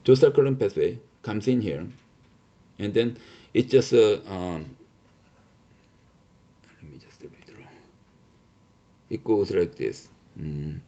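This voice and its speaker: Male lecturer, emphatic, lots of "okay?", animated pitch, muffled lo-fi audio. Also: unhurried. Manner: many fillers and restarts, repeats "okay?"; emphatic, reassuring. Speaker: teacher.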